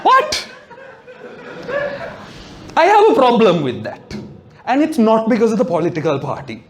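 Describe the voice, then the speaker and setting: A man's voice: high-pitched, very animated, fairly quick, a little mellow. A male stand-up comedian, sardonic and swearing freely during a set before a live audience.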